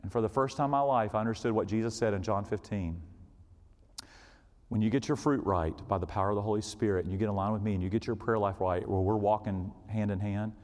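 A middle-aged man preaching a sermon as a story, swinging from hushed, low passages to loud, excited ones. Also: fast talker. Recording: long reverb of a large hall.

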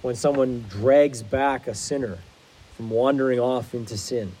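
A man's voice: medium pitch, measured pace, mellow, a little hiss or hum, rough recording. A man preaching a sermon as pastor, in an earnest, explanatory manner.

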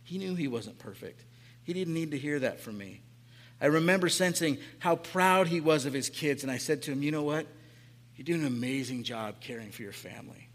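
A man's voice: a little high, brisk. A man in his late forties giving a sermon as a pastor, telling stories in a casual, chatty way and often tagging on "right?". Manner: casual, chatty, frequent tag questions. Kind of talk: conversational sermon storytelling. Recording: echoey hall.

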